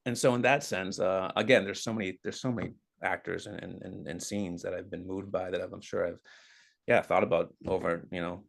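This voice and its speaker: A man from outside Boston with a Boston accent, a guest chatting casually on a podcast, talking in halting bursts with many restarts. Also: sits low, fairly even intonation, vocal fry. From outside Boston, USA. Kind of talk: casual chat.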